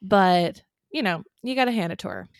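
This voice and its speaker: A woman's voice: mid-range voice, huge pitch swings, normal speed, no echo, clean studio sound. A young woman co-hosting a podcast in casual chat, reacting supportively and often laughing. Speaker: podcast co-host.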